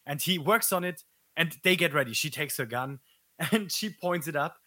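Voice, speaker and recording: A man co-hosting a podcast, excitedly retelling movie scenes in casual chat. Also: a little high, moderate pace, no echo. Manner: excitable, full of fillers and restarts. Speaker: podcast co-host.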